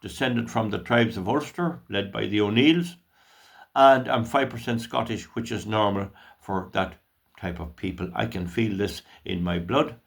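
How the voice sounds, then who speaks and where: An older man from Ireland reciting a poem with slow, emotional, declaiming delivery. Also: lowish voice, vocal fry. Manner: slow, emotional, declaiming with long drawn-out phrases. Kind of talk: dramatic poetry recitation.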